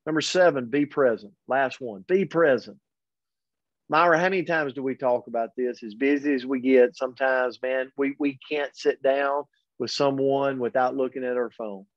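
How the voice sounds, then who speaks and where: A man hosting a daily motivational pep talk, earnest and energetic, speaking directly to his audience. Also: medium pitch, normal speed, no echo. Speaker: host and motivational coach. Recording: dull, lo-fi dry recording.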